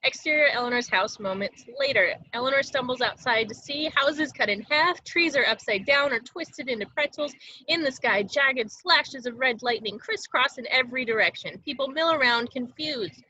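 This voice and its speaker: A woman reading stage directions in a plain, even way over a video call. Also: high voice, normal speed, slightly rough, highs cut off.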